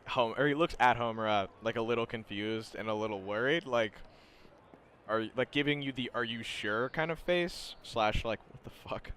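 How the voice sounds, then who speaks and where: A man narrating as game master of a tabletop game, in a relaxed way with lots of fillers. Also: mid-range voice, normal speed, a little hiss or hum. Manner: relaxed, filler-heavy narration with frequent laughs.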